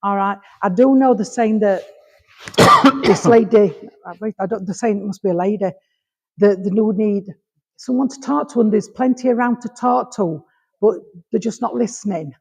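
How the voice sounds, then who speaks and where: A husky, medium-pitched Yorkshire voice belongs to a Rotherham medium giving messages at a moderate pace in a village hall. She keeps calling people darling and sweetheart and checks "all right?" after almost every thought. A long hall reverb surrounds her.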